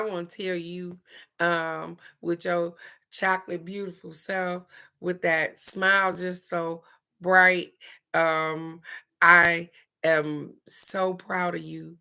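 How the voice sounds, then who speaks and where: A woman reads cards on a live stream, talking slowly and leaning on each phrase. Her voice is bright and sits a little low for a woman. She sounds chatty and affectionate, laughing often and calling out to viewers by name. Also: creaky, smooth. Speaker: live-stream card reader. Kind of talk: casual live-stream card reading.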